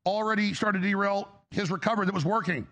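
A man's voice: sits high, quick pace, pushed and bright. A man hosting a talk show, giving a heated, emphatic political commentary monologue with frequent restarts.

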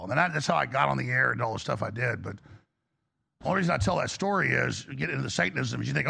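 A man's voice: medium pitch, expressive, fast, vocal fry, long pauses, bright, forceful tone, slightly rough. A middle-aged man hosting a talk show, delivering a rambling, impassioned confessional monologue that rises into preaching.

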